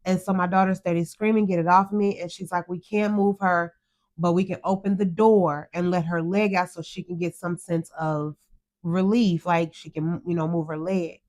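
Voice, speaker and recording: A woman's voice: on the low side, steady tone, moderate pace, darkish tone. A middle-aged woman telling an emotional story of a crash as a podcast co-host, earnest and close to tears. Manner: earnest, tearful retelling, quotes herself.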